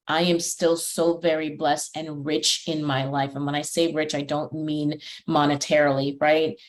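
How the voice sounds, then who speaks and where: A woman hosting a podcast interview, talking in an effusive, emotional way with many restarts. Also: sits low. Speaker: podcast host. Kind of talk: casual interview chat.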